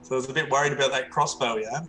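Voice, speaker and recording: A man's voice: mid-range voice, fairly even intonation, racing, pushed and bright, poor audio. A man playing a tabletop role-playing game, giving short, tentative answers with some hesitation. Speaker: player. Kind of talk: casual play at a tabletop game.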